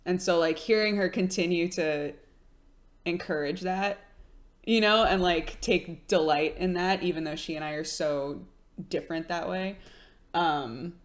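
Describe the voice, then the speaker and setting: A woman's voice: lowish voice, a little slow. A young woman streamer chatting casually with her live chat, telling stories with lots of fillers and giggles.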